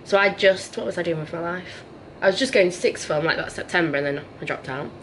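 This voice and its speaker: A woman's voice: fairly low pitch, fast talker, slight background noise, low-quality recording. Young woman with a Yorkshire accent. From Yorkshire, England. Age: young adult. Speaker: vlogger. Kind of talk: casual chat. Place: hotel room.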